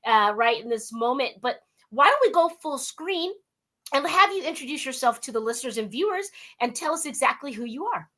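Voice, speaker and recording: A woman's voice: sits high, animated, brisk, bright, forceful tone. A woman hosting a radio interview from her home work den over a video call, gushing and upbeat, chatty with plenty of fillers. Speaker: talk show host.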